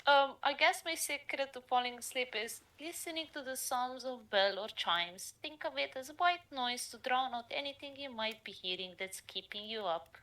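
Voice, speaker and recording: A woman voicing a timid, earnest young man in a dating game, speaking softly. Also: high-pitched, normal speed, hardly any pauses, voice pushed up, poor audio. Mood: shy. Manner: timid and earnest, soft-spoken. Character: shy, sweet young man.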